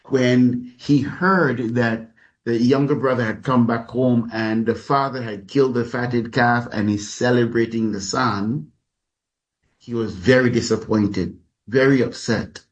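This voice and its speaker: A man preaching a sermon as a pastor, speaking deliberately and calling his listeners beloved. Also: medium pitch, steady tone, muffled recording.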